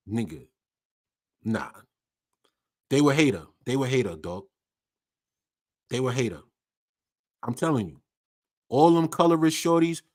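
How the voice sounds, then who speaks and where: A man hosting a livestream, ranting in casual slang with lots of swearing and repetition. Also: medium pitch. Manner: profane, animated, repetitive slang-heavy ranting. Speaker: livestream host.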